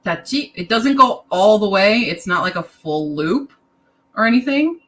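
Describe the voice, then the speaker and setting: A woman's voice: medium pitch, animated, a little slow, a bit bright, poor audio. A tired young woman teaching a casual online lesson, chatty and self-deprecating, wandering into side remarks. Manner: chatty, self-deprecating, drifts into asides and laughs. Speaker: language teacher.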